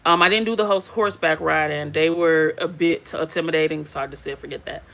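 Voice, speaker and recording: Animated woman telling a story. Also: sits low, brisk, gravelly. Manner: animated, laughing, addresses viewers as y'all. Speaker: beauty and faith vlogger. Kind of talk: casual storytelling chat.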